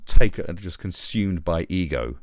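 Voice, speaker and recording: A man's voice: deep voice, expressive, normal speed, a little mellow, dry recording. A British man hosting a live stream, ranting sarcastically and mocking in casual commentary.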